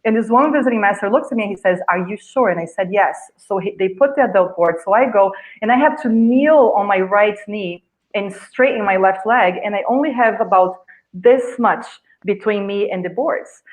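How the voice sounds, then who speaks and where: A woman, a guest healer, telling an animated story over a video call and acting out sounds and gestures. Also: medium pitch, moderate pace, rough recording. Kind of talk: storytelling in a live video chat.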